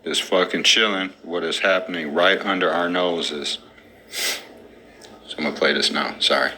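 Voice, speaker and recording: Deep-voiced man, casual rambling talk. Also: fairly even intonation, unhurried, pushed and bright, a little hiss or hum. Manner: loose storytelling with slang and profanity. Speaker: podcast co-host.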